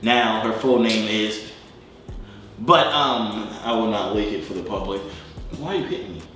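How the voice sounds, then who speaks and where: A man's voice: fairly low pitch, moderate pace, fairly bright tone, faint music behind. Boastful young man, very echoey room. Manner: boastful, joking, slangy banter. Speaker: host. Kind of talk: casual reaction chat. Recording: very echoey room with faint hiss.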